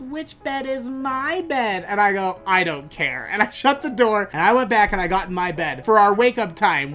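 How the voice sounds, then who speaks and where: Animated man telling a funny story. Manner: animated, jokey, rises in pitch when excited. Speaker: podcast host. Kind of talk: comic storytelling.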